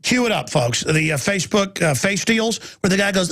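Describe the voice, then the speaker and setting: A man's voice: high voice, lively intonation, fast, gravelly, hardly any pauses, a bit bright. A man hosting a radio talk show, telling a long rambling story in a ranting monologue. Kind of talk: ranting monologue with mocking impressions.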